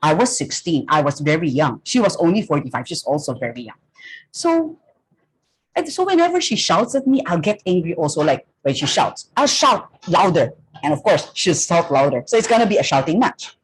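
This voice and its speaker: A middle-aged woman with a Filipino accent giving a lively talk to students, often checking in with "okay?". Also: deep voice, moderate pace, breathy edge, low-quality recording. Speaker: guest speaker.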